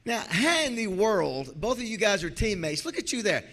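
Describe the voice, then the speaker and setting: A man's voice: high-pitched, very animated, normal speed, a bit bright. A man hosting an onstage interview, asking friendly, rambling questions full of restarts. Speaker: club host interviewer. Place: hotel banquet hall.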